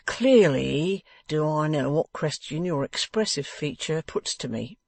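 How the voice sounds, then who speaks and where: A man's voice: a little high, expressive, measured pace, vocal fry, darkish tone, no room sound, exaggerated voice. A man voicing a scheming, grandiloquent ballad-seller in an audiobook, theatrical and oily in his affability. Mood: pompous. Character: scheming, wheedling one-legged male ballad-seller. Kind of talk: audiobook character voice.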